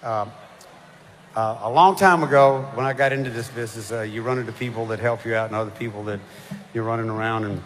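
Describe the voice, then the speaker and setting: An older man, a touring singer chatting between songs in a halting, rambling way with lots of fillers. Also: on the low side, steady tone, slight background noise. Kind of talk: onstage banter between songs. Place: concert stage. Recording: live hall reverb with band music.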